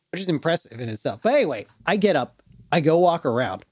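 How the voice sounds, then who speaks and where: A man's voice: on the high side, no echo, studio quality. A man co-hosting a podcast, telling a story in casual chat, swearing, laughing and acting out other people's lines. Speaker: podcast co-host.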